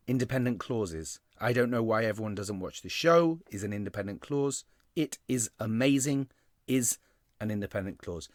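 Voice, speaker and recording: Male teacher, mid-pitched, clear explanatory delivery for a recorded lesson, dry studio sound. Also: no room sound. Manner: explanatory, slows to stress key terms. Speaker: English teacher.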